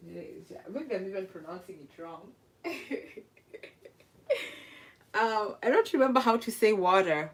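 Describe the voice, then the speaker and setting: Slow-talking woman hosting a cooking livestream. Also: lowish voice. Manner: chatty, laughs often, tries out French phrases; unhurried, with many fillers. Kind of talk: casual live chat with viewers.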